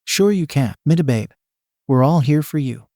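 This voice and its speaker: A computer-generated male voice reading the lines of an upbeat young girl classmate, delivered flat. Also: on the high side, normal speed, dry recording, studio quality. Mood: coaxing.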